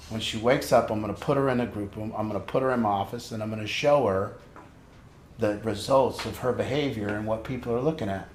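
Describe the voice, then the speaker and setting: A man's voice: mid-range voice, fairly quick, echoey room. A man leading a family group as an addiction counselor, frank and conversational, asking pointed questions.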